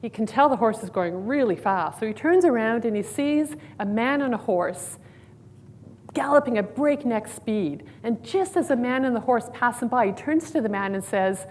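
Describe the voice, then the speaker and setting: Woman counsellor, fairly high voice, calm guided mindfulness talk, faint rumble under it. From Canada. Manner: calm, slow guided instructions with light humor. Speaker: clinical counsellor. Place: conference room.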